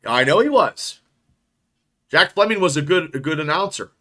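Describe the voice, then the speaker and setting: A man in his fifties from western Pennsylvania, with a bright, forceful voice that sits a little high. He tells stories in a looping, repetitive way while chatting casually about sports. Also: expressive, moderate pace. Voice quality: storytelling, rambling with repeats.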